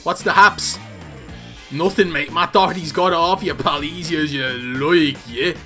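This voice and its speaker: A young man giving excited football video game commentary, shouting and laughing at goals. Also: fairly high pitch, normal speed, soft background music. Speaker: gaming YouTuber.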